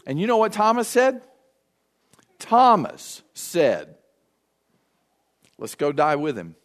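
A man's voice: on the high side, slow pace. A man preaching a sermon, acting out the voices of the people he quotes. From United States. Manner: animated, acts out quoted voices. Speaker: pastor.

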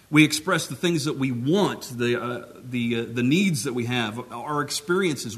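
A man's voice: mid-range voice, fairly bright tone. Male preacher, mid-range voice, plain conversational teaching tone, talks with his hands. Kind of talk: teaching sermon.

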